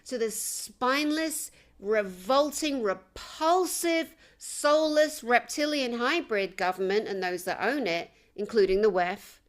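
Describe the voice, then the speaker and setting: A woman's voice: on the high side, slow, hardly any pauses. A woman, a journalist and conference host, speaking emphatically straight to camera and repeating words for effect. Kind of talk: impassioned to-camera commentary.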